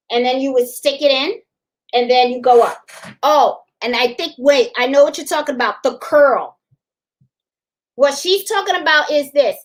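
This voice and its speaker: Chatty woman host for a live crafting demo, high voice, slightly hoarse, keeps checking in with viewers. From Puerto Rico. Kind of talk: casual live demonstration.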